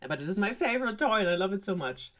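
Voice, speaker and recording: A woman with a German accent voicing a spoiled young princess with a high, wailing voice. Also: animated, fast, fairly bright tone, lightly acted. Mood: eager.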